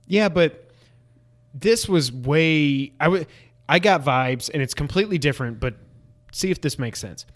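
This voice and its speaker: A man co-hosting a podcast, giving a casual review with animated, ranting complaints. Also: mid-range voice. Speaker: video game podcast co-host.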